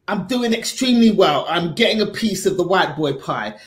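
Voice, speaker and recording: Animated laughing woman comedian, roomy sound. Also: lowish voice, moderate pace. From Africa. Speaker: guest comedian. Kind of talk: casual chat.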